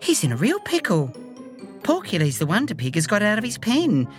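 Woman reader doing storybook mum, brisk, fretful, higher voice, faint music behind. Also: wildly swooping pitch.

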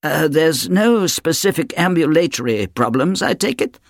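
A man's voice: on the high side, sing-song, moderate pace, creaky, dry recording, pitched above the performer's own voice, full character voice. A harried family doctor, as read by a male audiobook narrator, muttering long medical terms in a clinical way. The voice sits a little above the reader's own, and the recording is dry and close.

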